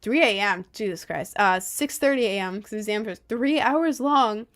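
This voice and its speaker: A young woman streamer chats casually with her viewers and reads their messages aloud. She rambles, fills her sentences with filler words and laughs often. Her voice sits at an ordinary, mid-range pitch. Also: moderate pace, fairly bright tone.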